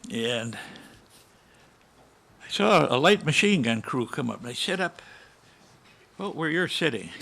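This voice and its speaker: Gravelly, bright-voiced elderly man telling war stories. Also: a little high. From United States. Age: 80s. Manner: vivid, with spoken gunshot sounds. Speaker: war veteran panelist. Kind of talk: storytelling to a live audience. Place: conference hall panel.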